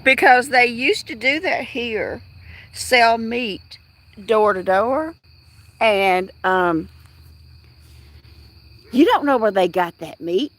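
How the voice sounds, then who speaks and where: Bright high-voiced woman chatting on a livestream. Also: animated, takes it slowly, pauses often. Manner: rambling, chatty, talks straight to viewers. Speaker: livestream host. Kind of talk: casual livestream chat. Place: outdoors at dusk.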